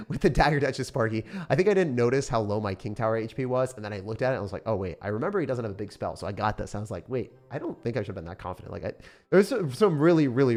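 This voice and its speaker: A young man giving rambling, casual commentary on his gameplay, excitable and sometimes swearing. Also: mid-range voice. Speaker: gaming YouTuber.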